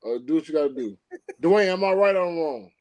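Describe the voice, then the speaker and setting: A man's voice: a little high, lively intonation, fast talker, a little mellow, no echo, poor audio. A man calling into a show, teasing the host and mimicking what others would say.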